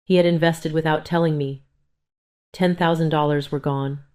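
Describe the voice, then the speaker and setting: A woman's voice: low-pitched, steady tone, moderate pace, a little mellow, smooth, close to an everyday voice. A woman reading the lines of a grown daughter pleading tearfully with her mother. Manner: pleading, emotional.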